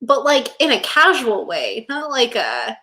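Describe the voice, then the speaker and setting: A woman's voice: fairly high pitch, very animated, a little slow, creaky, sharp tone. A woman co-hosting a podcast, chatting casually and animatedly about a TV show and leaning on "like" and "it's so funny.". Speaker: podcast co-host. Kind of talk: casual chat recapping a TV show.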